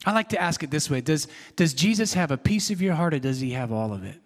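A man's voice: a little high, lively intonation, fast talker, long reverb tail. A man preaching a sermon as pastor, earnest and conversational, repeating himself and adding asides.

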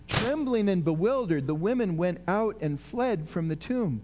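A man giving a sermon, explaining a passage in a conversational, animated way with frequent restarts. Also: sits high, measured pace, hardly any pauses, big-room sound, faint music behind. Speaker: preacher.

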